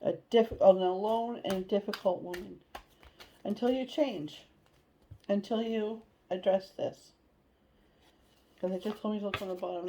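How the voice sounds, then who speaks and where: A woman giving a casual tarot reading, chatty and animated, blunt, and she swears now and then. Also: fairly high pitch, slight background noise, rough recording. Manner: chatty and animated, acts out inner voices. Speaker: tarot reader.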